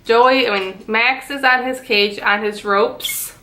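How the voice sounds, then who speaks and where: A young woman vlogger retelling a stressful day at home, animated and dramatic, tossing out rhetorical questions. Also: a little high, slow pace. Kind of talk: storytelling vlog. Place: home garage and yard, outdoors at times.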